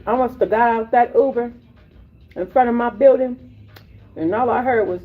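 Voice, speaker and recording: A woman host telling a personal story in casual, animated, profane slang. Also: fairly high pitch, moderate pace, long pauses, noisy background. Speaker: podcast host. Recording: tinny phone-like audio.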